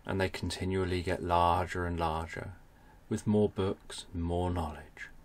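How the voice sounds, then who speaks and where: A man narrating a bedtime story for adults, speaking in a soft, soothing way. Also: deep voice, flat delivery, measured pace.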